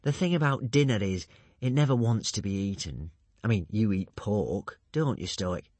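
A man's voice: on the low side, animated, normal speed, no room sound. A man doing a silky, menacing pirate chief. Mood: reasoning. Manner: silky, mock-gentle menace. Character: smug, menacing male pirate chief, falsely polite.

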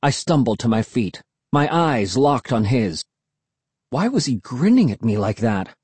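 Husky, expressive audiobook narrator. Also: mid-range voice, measured pace, no echo. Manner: dramatic, expressive reading. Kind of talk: scripted first-person narration.

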